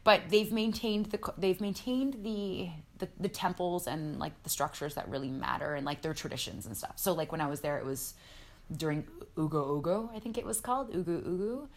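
A woman chatting casually as a podcast guest, an animated storyteller talking about energy and spirits with sudden excited jumps in her voice. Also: on the low side, a little fast. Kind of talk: casual chat.

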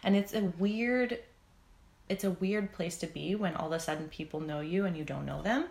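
A young woman nail technician chatting on a podcast, telling stories and acting out what people said with lively, animated quotes. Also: fairly low pitch, moderate pace, gravelly. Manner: chatty storyteller, acts out quotes with lively voices. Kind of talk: casual podcast chat.

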